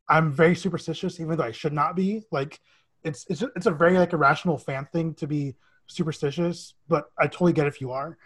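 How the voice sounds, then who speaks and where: A man co-hosting a sports podcast, his voice hoarse, chatting casually, swearing and laughing. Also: fairly high pitch, fairly even intonation, quick pace. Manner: profane, laughing, rambling. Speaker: podcast co-host.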